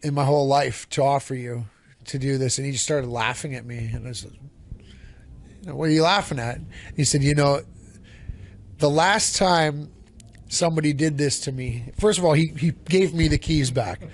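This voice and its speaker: A man's voice: a little high, moderate pace. Rambling, cursing male band singer. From Canada. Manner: rambling storyteller, swears freely, restarts sentences. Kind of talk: casual interview answers.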